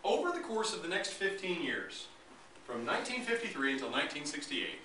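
A male history lecturer talks to an audience in an echoey hall, his voice high, bright and sharp. He swings widely in pitch and mimics the people he describes for laughs. The mic is some distance away, with faint room noise behind him. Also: a little fast. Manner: animated, joking, acts out voices of both sides. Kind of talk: public lecture.

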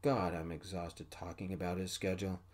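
A man softly voicing a blunt, exasperated male bandmate in an audio story. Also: sits low, level tone, moderate pace, slightly rough. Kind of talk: soft-spoken ASMR storytelling.

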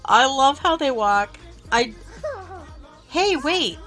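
A woman with a high, fairly bright voice gives live-streamed gameplay commentary at a slow, animated pace. She gushes and addresses her game characters while game music plays behind her.

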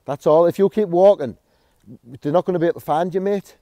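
A man in his forties from Middlesbrough with a Teesside accent, calmly coaxing a stranger off a street while filming on his phone. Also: sits high, fast talker, no room sound. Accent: Teesside English. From Middlesbrough, England. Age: 40s. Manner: soothing, coaxing, calls others son and mate. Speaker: passerby helping a stranger. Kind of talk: casual filmed street encounter. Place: residential street outdoors at night.

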